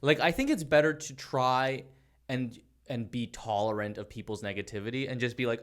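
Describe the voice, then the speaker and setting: A man's voice: medium pitch, normal speed. Laughing, rambling male podcast host. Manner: laughs often, loose and rambling. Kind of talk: casual comedic chat.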